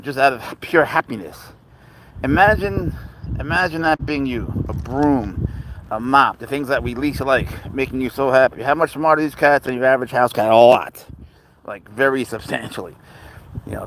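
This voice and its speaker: A man's voice: mid-range voice, a bit bright, slight background noise, low-quality recording. A man hosting a casual live stream outdoors on a walk with his cat, rambling easily through viewer questions and baby-talking his pet. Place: outdoors on a walk near a road.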